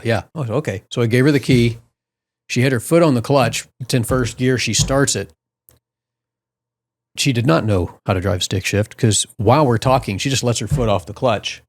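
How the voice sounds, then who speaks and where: A middle-aged man spins an anecdote in easygoing podcast chat. His voice sits at an ordinary pitch and stays relaxed. He jumps up into loud, high yelps when he acts out his own panic. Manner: animated storyteller, loud high yelps when quoting himself. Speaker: podcast co-host. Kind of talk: casual storytelling chat.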